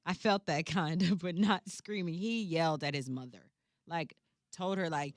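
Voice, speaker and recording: A woman's voice: medium pitch, normal speed, dry recording, clean studio sound. A young woman co-hosting a talk show, chatting casually in slangy, colloquial speech and telling stories with voiced quotes. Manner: animated, laughing, storytelling with voiced quotes. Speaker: radio co-host. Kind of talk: casual chat.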